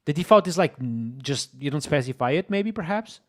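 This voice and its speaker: A man hosting a live coding stream, excitable and exclaiming as he talks to his chat. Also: fairly high pitch, a little fast. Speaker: streamer, host.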